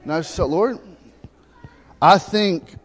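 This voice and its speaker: A man's voice: high-pitched, takes it slowly, breathy edge. A middle-aged male pastor preaching a sermon, telling funny stories in a folksy way. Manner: humorous storytelling, folksy. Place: church sanctuary. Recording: long reverb of a church sanctuary.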